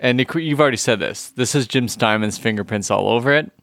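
A man chatting casually on a podcast, amused and easygoing, who stretches out words when something strikes him as odd. His voice sits at an ordinary pitch and is recorded dry and close, with no room sound. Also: fairly quick, creaky, a bit bright, no room sound. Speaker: podcast co-host. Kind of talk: casual chat.

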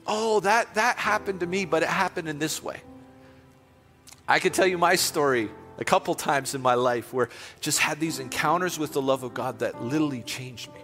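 A man preaching a sermon to his congregation speaks at normal speed in a forceful, high and bright voice. He drives his points home with passionate repetition, then eases into quiet prayer at the end. The church sanctuary gives a long echo, with faint music beneath.

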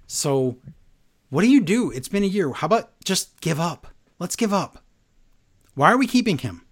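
Animated sarcastic man recapping wrestling. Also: high-pitched, moderate pace, husky. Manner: sarcastic, animated, laughs often. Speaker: podcast co-host. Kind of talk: casual wrestling recap chat.

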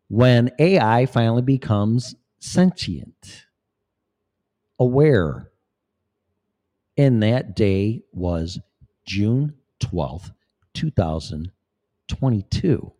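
A man's voice: mid-range voice, mellow. A man talking in a rambling, profane, preachy monologue as a vlogger. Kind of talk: casual monologue.

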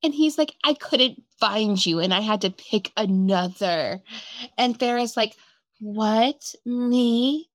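A woman's voice: fairly high pitch, slow pace, no echo. Playful woman co-host, dry sound. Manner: playful, joins in acting out characters' lines. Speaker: podcast co-host. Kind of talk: casual chat.

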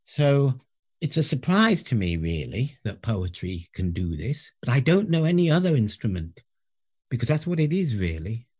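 Earnest man, lively pitch, soft drops. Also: slightly rough. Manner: earnest, varies loudness, drops to soft near-whisper on key words. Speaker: professor, guest. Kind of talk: reflective interview storytelling.

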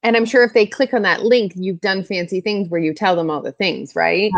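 A woman's voice: mid-range voice, a little fast, no echo, highs cut off. A woman co-hosting a casual livestream, chiming in with upbeat comments. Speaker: co-host of a livestream.

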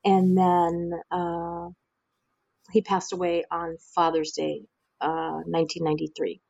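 A woman's voice: fairly low pitch, a little slow, creaky, no room sound, muffled recording. A middle-aged woman from the American Midwest, frankly telling her own life story as an interview guest and acting out the voices of people she quotes. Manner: frank, acts out quoted voices with lively jumps. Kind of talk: candid personal storytelling.

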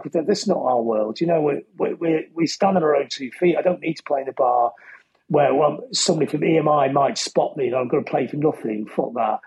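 A man's voice: on the high side, fairly quick, darkish tone, husky, low-quality recording. A middle-aged man telling rambling anecdotes as an interview guest, chatty and full of restarts. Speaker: interview guest, musician and author. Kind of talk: casual storytelling interview.

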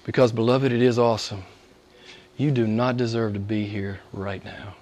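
A fairly low, steady, slightly mellow voice carries this pastor's sermon at a moderate pace. Speaking emphatically at a church service, he repeats phrases and asks "right?" to get his congregation to agree.

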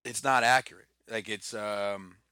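A man's voice: on the low side, steady tone, measured pace, bright, forceful tone, clear, resonant tone, no room sound. Rambling, cursing man telling stories. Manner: rambling storytelling full of fillers and profanity. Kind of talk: casual chat.

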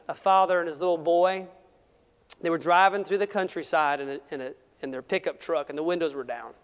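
Man, pastor, impassioned sermon, high voice, long hall reverb. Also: clean tone. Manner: impassioned preaching with sudden drops to soft tones.

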